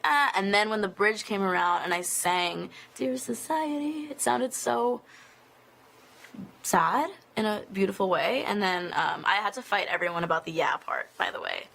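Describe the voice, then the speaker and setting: A woman answers fan questions in a casual live stream, streamed from a phone inside an office building. Her voice has a gravelly, fry-tinged texture, and her talk rambles from one thought to the next, full of "like" fillers. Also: mid-range voice, a bit bright. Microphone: phone streaming live video.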